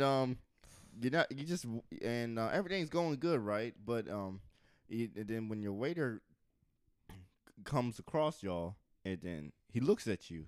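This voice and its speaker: Male podcast co-host, lively swings in pitch, dry close sound, keeps breaking into laughs mid-story. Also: no echo. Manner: laughing, animated storytelling with playful trash talk. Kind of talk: casual chat, acting out a sketch.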